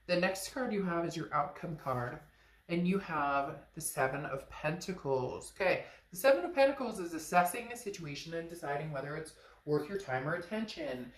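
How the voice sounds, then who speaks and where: Animated woman in an echoey room. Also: moderate pace. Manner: animated, frank, swears, acts out quoted lines in a high voice. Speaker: tarot reader. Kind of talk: casual tarot reading.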